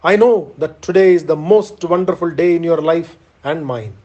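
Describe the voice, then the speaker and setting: A man reading aloud as a male king bidding his friend farewell, in a measured, solemn way. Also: a little high, mellow, lo-fi sound, natural voice. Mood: fond farewell.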